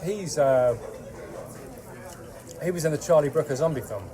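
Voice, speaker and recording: A man's voice: on the high side, moderate pace. A man co-hosting a casual film-review podcast, tossing in dry joking asides. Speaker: podcast co-host. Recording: crowd chatter behind.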